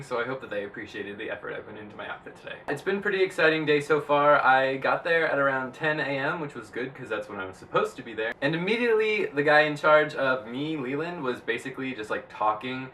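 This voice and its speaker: A man's voice: medium pitch, fast, hardly any pauses, recorded from a distance, slight background noise, poor audio. Chatty young man rambling. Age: young adult. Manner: chatty and rambling, lots of "like", excitable bursts. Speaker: vlogger. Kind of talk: casual vlog monologue.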